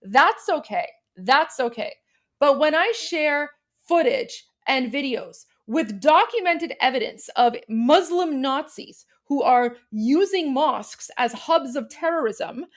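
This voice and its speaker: A woman's voice: high voice, lively intonation, slow. A woman co-hosting a casual political chat, indignant and sarcastic, often repeating words when heated. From Canada. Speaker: political commentator and co-host.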